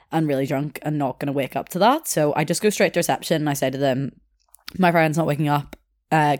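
A woman's voice: sits low, darkish tone, dry recording, clean studio sound. A young woman chatting in a rambling way, telling a story and laughing as she goes. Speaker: podcast host. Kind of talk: casual storytelling.

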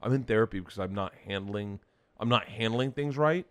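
A man's voice: on the low side, fairly quick. A middle-aged man, a podcast guest, chatting casually and telling rambling, profane stories. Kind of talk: casual chat.

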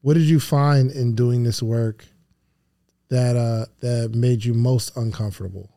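A podcast host with a mellow, darker voice asks calm follow-up questions and gives short prompts. The sound is dry and close, with no room echo. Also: mid-range voice, a little slow, gravelly. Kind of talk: interview questions.

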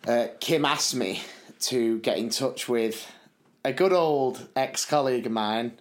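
Animated British man telling stories. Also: mid-range voice, unhurried. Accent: British English. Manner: animated storyteller, laughs and acts out voices. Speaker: podcast co-host, teacher. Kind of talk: casual chat.

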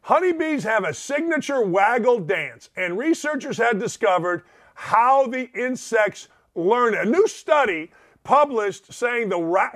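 A middle-aged man with a fairly high-pitched voice runs a casual radio monologue. He jokes freely and slips into little acted snippets of dialogue as he talks. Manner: animated, joking, acts out quoted voices. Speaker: radio talk show host.

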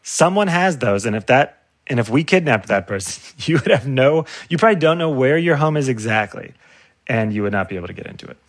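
Man, comedian guest, casual chat, animated, restarts often, dry sound. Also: medium pitch, fairly quick, no room sound. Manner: animated, laughs often, self-interrupting.

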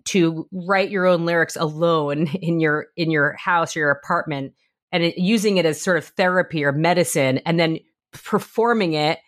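A woman's voice: lowish voice, normal speed. Effusive woman podcast host. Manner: warm praise, effusive, asks open questions. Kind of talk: interview questions.

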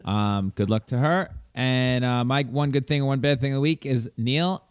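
A man's voice: mid-range voice, moderate pace, clean tone, no room sound, clean studio sound. A man hosting a casual podcast who leads each segment in an upbeat way. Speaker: podcast host. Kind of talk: casual chat.

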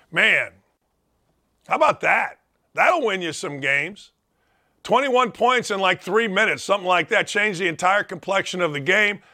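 A man hosting a sports talk show, delivering a blunt, emphatic, opinionated monologue and repeating his points for punch. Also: sits high. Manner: blunt, emphatic, repetitive, acts out shouted quotes.

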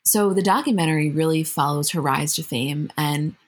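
Low, husky woman podcast co-host. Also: moderate pace. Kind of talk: casual chat.

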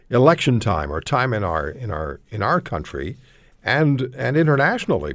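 A man from Canada hosting a radio talk show, animated and rambling as he searches for words. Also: low-pitched, dry recording.

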